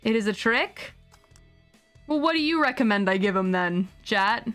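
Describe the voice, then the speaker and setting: A woman streaming a game, chatting casually, animated, swearing and laughing often. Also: medium pitch, normal speed, soft background music. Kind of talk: casual gameplay stream commentary.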